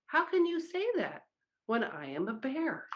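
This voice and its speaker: A woman voicing a sleepy, puzzled male bear who softly insists he is a bear. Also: high-pitched, big pitch swings, a little slow, lo-fi sound, pitched above the performer's own voice. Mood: pleading.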